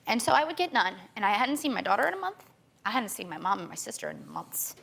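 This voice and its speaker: A young woman telling an emotional personal story as a guest on a talk show. She talks in rushed runs, repeats herself and quotes other people. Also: medium pitch, very animated, vocal fry, fairly bright tone. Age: young adult.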